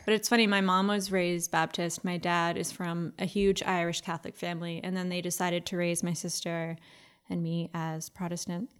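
A woman with a fairly low voice co-hosts a podcast in a relaxed, chatty way. She tells stories at an easy pace and laughs often. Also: normal speed, smooth. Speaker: podcast co-host. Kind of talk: casual chat.

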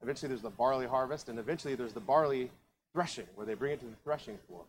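A man's voice: medium pitch, rapid-fire, a little hiss or hum, low-quality recording. Chatty male pastor telling a story. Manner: conversational storytelling, lots of asides. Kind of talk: sermon. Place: church.

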